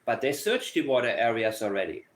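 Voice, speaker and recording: Brief: male commentator, blunt and opinionated, mid-pitched voice, talks off the cuff. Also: big pitch swings, a little fast. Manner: blunt, opinionated, thinks aloud. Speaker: true crime commentator. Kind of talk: casual commentary.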